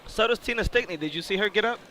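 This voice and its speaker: A man's voice: sits high, very fast, sharp tone, slight background noise. A man doing color commentary at a bowling event, joking playfully with his booth partners. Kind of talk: live sports commentary.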